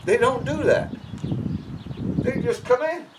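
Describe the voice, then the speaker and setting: In a very noisy recording, a man speaks slowly while giving informal horse-training tips. His style is blunt and emphatic with many restarted sentences, swinging in a lively way from low mutters to loud outbursts.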